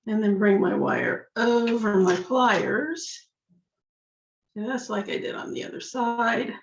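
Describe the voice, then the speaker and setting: A slightly hoarse woman teaching a jewelry-making craft step by step, chatting to herself as she works. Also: fairly high pitch, slow pace. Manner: chatty, talks to herself while working. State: slightly hoarse, losing her voice. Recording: echoey room, dull lo-fi sound.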